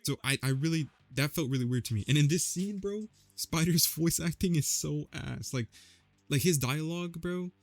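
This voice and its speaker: A man's voice: a little high, normal speed, dry recording, faint music behind. A young man casually recapping a movie, rambling with lots of slang and fillers. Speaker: vlogger.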